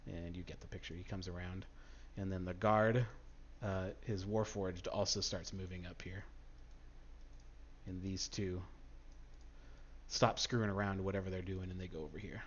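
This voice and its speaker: Male GM, low voice, halting and casual, dull lo-fi recording. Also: steady tone, a little hiss or hum. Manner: halting, with many fillers and restarts. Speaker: game master. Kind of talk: narrating a tabletop game.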